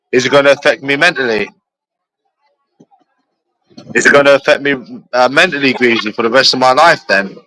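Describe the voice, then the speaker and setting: A man's voice: medium pitch, pushed and bright, no room sound, rough recording. A young man, chatting casually with friends in repetitive, laughing, slangy banter. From London. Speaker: streamer.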